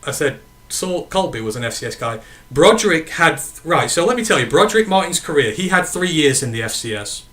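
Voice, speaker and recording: A man's voice: fairly high pitch, sing-song, brisk, hardly any pauses, sharp tone. A man with a northern English accent hosting a casual sports podcast, rambling and correcting himself as he answers live chat questions. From northern England. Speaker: podcast host.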